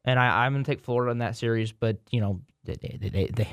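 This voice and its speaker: A man's voice: mid-range voice, fast, dry recording. Male podcast host, casual sports chat, dry close sound, trips over his words a lot. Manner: rambling, repeats words and restarts, self-deprecating.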